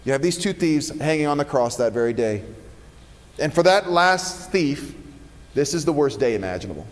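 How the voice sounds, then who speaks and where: A pastor preaching a sermon in a church, earnest and emphatic with dramatic pauses. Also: male voice, fairly high pitch, expressive, long reverb tail. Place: church sanctuary.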